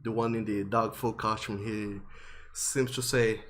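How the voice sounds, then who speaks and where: A man narrating a tabletop game as game master, unhurried and descriptive with frequent fillers. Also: lowish voice, little pitch movement, fairly bright tone, slight background noise.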